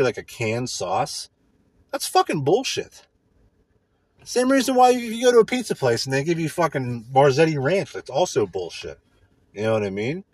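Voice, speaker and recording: A man's voice: medium pitch, no echo. A man telling a rambling comic story, laughing at his own jokes and throwing his voice around.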